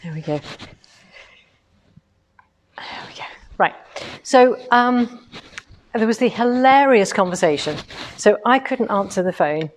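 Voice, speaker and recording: A woman's voice: medium pitch, expressive, a little slow, pauses often, slight background noise. Chatty middle-aged woman hosting a livestream. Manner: chatty, rambling, asides while moving the camera. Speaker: host of a quilting shop livestream. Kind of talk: casual livestream chat. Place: quilting machine showroom, indoors. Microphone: camera on a tripod.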